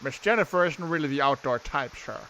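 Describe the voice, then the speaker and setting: A man's voice: on the high side, lively intonation, fairly quick, a bit bright, highs cut off, a little hiss or hum. A man voicing an aging male groundskeeper with a bad back, respectful and dry.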